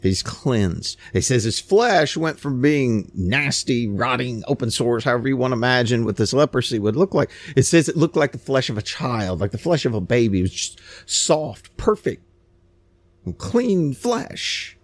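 Animated preacher with a drawl. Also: male voice, medium pitch, normal speed, dry recording. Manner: animated storytelling, retelling scripture in plain everyday words. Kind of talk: sermon.

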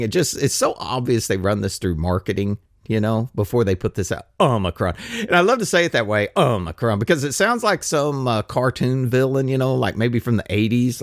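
A man's voice: mid-range voice, no echo, clean studio sound. A man hosting a podcast alone, rambling through listener mail with restarts and chuckles. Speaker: podcast host. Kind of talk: casual solo podcast monologue, reading listener mail.

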